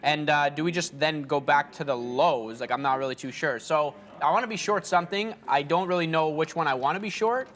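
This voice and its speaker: A man's voice: a little high, brisk, hardly any pauses, fairly bright tone. A man co-hosting a live day-trading stream in a studio, giving loose market commentary full of fillers. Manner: rambling, trails off with fillers. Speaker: day trader co-host.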